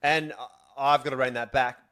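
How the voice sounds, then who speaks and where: A man's voice: mid-range voice, fairly even intonation, normal speed, bright, forceful tone, clear, resonant tone. A man, a guest on a podcast, speaking in easygoing casual chat. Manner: easygoing, laughs readily, earnest about emotions.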